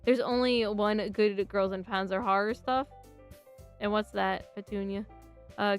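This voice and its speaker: A woman's voice: mid-range voice, fairly even intonation, unhurried, clear, resonant tone, soft background music. A woman streamer chatting casually and reading game text aloud, often breaking into giggles. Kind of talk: casual let's-play commentary.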